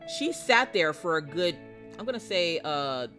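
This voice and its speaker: A woman streamer in casual live chat with her viewers, a brash, profane, jokey storyteller who breaks into loud mock rants. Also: low-pitched, lively intonation, a little slow, soft background music. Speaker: streamer chatting with viewers while painting.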